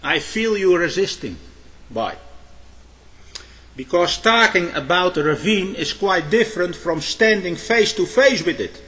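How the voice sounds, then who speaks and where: A man preaching a sermon. He tells illustrative stories, pauses on hesitations, and keeps adding a questioning "eh?". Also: high-pitched, expressive, bright, forceful tone. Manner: frequent "eh?" tag questions, halting restarts. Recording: long hall reverb.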